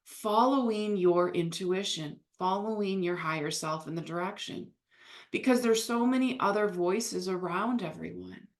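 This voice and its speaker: A woman's voice: on the low side, a little slow. A woman giving channeled spiritual advice, explaining patiently and acting out imagined speakers.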